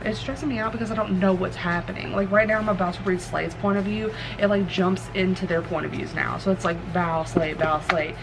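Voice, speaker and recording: A young woman talking casually about a book she's reading, rambling and excitable, swearing now and then. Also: on the low side, a little fast, vocal fry, few pauses, music in the background, rough recording. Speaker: book vlogger. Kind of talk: casual chat. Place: car, for the ending.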